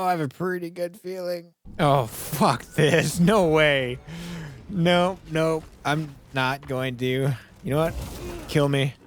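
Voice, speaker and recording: Excitable swearing man gaming. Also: a little high, a little hiss or hum. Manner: excitable, swears and laughs often, yells at the game. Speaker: gaming video creator. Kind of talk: casual let's play commentary.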